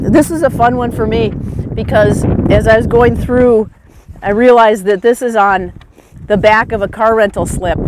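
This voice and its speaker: A middle-aged woman golf pro telling personal stories at a teaching seminar, emotional and laughing often. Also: on the high side. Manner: emotional, laughs often, slow reflective pace. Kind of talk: personal anecdotal presentation. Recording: noisy outdoor recording.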